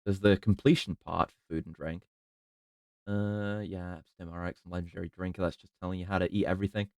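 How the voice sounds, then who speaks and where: A man streaming a video game, thinking aloud in casual, halting commentary. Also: low voice, little pitch movement, a little mellow, no echo, clean studio sound.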